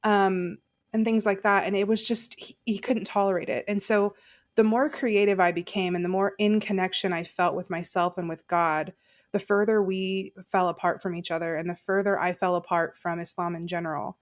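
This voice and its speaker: A woman's voice: mid-range voice, steady tone, normal speed. A woman guest on a podcast, candidly telling a personal story in casual, chatty talk full of "like". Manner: chatty and candid, sprinkled with "like" and laughter.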